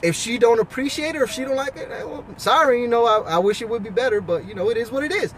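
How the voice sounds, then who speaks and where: Speaking quickly in a notably high, slightly bright voice, a husband and father addresses the camera in a casual monologue outdoors over faint traffic. His life advice comes across as blunt, preachy and full of profanity.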